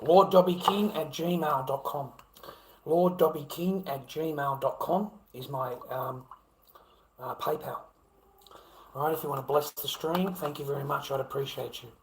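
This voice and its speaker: A swearing, mocking Australian man in his fifties rants through a casual livestream. His voice sits a little high for a man, and the echoey room rings around every word. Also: unhurried, a little hiss or hum. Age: 50s. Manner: profane, ranting, mocking.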